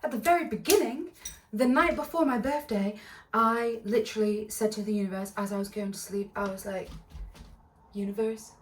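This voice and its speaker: A woman's voice: mid-range voice, brisk, recorded from a distance, slight background noise. A woman telling a storytime vlog in a bubbly, giggly, rambling way, full of side notes. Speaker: vlogger. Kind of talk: casual storytime. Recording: echoey room, voice a bit off-mic.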